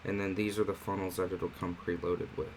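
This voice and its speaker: Man, lowish voice, relaxed tutorial host, faint air-conditioner hum in the room. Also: a little fast, low-quality recording. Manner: relaxed, conversational walkthrough with fillers. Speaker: online marketing platform host. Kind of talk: casual screen-share tutorial.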